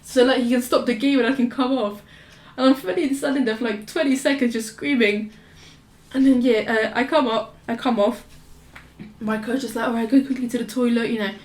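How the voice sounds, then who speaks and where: A woman's voice: fairly high pitch, fairly even intonation, a little fast. Rambling young woman, roomy sound. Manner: rambling storyteller, restarts often, laughs a lot. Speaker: podcast co-host. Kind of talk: casual chat. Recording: roomy echo.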